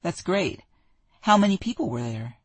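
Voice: mid-range voice, big pitch swings, moderate pace, husky, no room sound. Narrator voicing a wistful young man. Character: wistful young man missing his girlfriend. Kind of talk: audiobook character dialogue.

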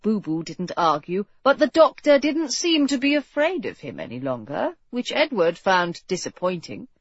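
A woman narrating a novel as an audiobook in a measured storytelling style. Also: medium pitch, big pitch swings, slightly rough, dry recording. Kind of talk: scripted narration. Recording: dull, dry close-miked audio.

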